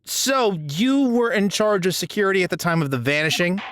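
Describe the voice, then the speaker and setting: A woman voicing a dry, weary male defense attorney in a low, flat tone during a game playthrough. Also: brisk, slight background noise, natural voice.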